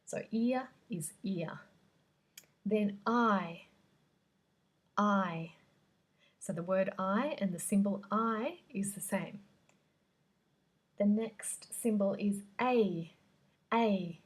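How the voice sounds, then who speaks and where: An Australian woman teaches English vowel sounds at an unhurried pace. Her voice has a soft, husky edge. She stretches each sound out carefully for her students. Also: mid-range voice. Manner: slow, careful, drawn-out sound demonstrations. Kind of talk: pronunciation lesson.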